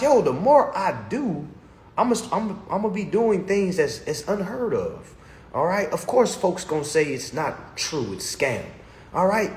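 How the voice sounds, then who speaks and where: Lively high-voiced man preaching in an echoey room. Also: a little hiss or hum. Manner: preachy, keeps checking in with "all right?". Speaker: social media host. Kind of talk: animated motivational rant.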